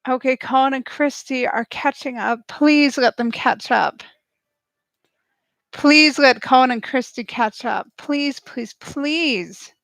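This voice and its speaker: A woman giving snarky, excitable live reaction commentary as she watches a show and cheers at the screen. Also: sits high, takes it slowly, vocal fry, no room sound. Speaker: show recap host.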